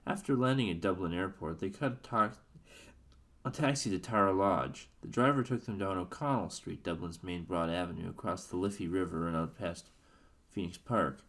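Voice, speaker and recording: Low-voiced man reading a book aloud. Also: normal speed, a bit bright. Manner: stumbles and self-corrects, offhand asides. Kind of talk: casual read-aloud narration.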